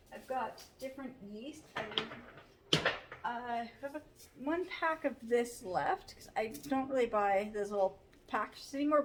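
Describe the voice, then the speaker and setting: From her home kitchen pantry, a woman vlogger chats casually, rambling with frequent ums. She sounds tired and yawns, her voice on the high side, with slight background noise.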